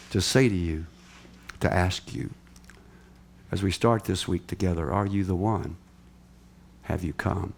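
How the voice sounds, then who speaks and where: An older man preaching a sermon and telling a story, dropping to a hush and then rising to loud, emphatic lines. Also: lowish voice, vocal fry. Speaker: missionary speaker.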